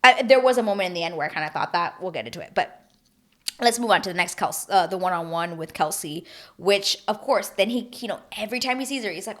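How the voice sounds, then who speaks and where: A woman giving a chatty, animated recap of a reality TV season, acting out her own reactions as she goes. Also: mid-range voice, fast. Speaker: TV recap host.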